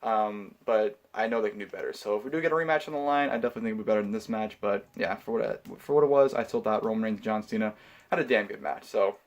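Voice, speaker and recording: A man giving a casual, heated review of a wrestling show, swearing often and filling pauses with ums. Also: fairly low pitch. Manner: profane, heated ranting; frequent filler words and restarts. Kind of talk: casual pay-per-view review.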